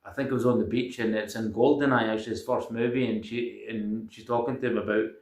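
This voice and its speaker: A man's voice: lowish voice, steady tone, quick pace, darkish tone, echoey room, distant mic. A man giving insistent self-improvement advice to his viewers, hesitating often with ums and uhs. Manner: insistent, lecturing, constantly says "guys". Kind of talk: casual monologue to camera.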